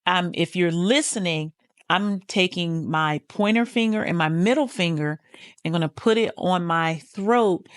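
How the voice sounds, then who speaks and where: A woman's voice: lowish voice, unhurried, no echo, studio quality. A woman hosting a podcast on healing, talking casually and candidly straight to the listener and swearing freely. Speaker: podcast host, healing coach. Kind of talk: casual motivational talk.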